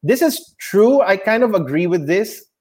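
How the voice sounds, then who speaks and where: A man's voice: high-pitched, unhurried. A man with a Filipino accent, co-hosting a casual chat and animatedly acting out the heated lines of his stories. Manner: animated storyteller, acts out heated quotes loudly. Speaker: podcast co-host.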